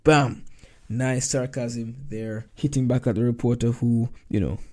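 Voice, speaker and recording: A man's voice: medium pitch, fairly even intonation, unhurried, a little mellow. A male teacher walking through exam answers, reading passages aloud and explaining them.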